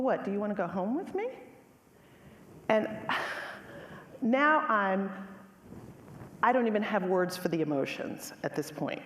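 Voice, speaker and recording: A middle-aged woman lecturing to an audience, telling a personal story with animated emphasis. Her voice sits in the middle range and carries a long, roomy echo from a large hall. Faint ambient noise runs underneath. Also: mid-range voice.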